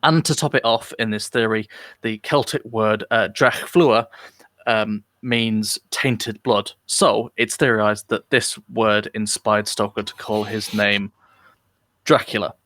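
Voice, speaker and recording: A man's voice: fairly low pitch, steady tone, takes it slowly, pushed and bright, dry recording. A man from Britain co-hosting a podcast live, chatting casually, rambling with lots of fillers and restarts, joking along. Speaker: podcast co-host. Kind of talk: casual chat. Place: live online podcast recording.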